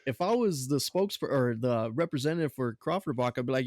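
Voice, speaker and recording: A man hosting a baseball podcast, chatting casually with his guest, laughing along and reacting quickly. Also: mid-range voice, lively intonation, darkish tone, no room sound, clean studio sound. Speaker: podcast host. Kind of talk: casual interview chat.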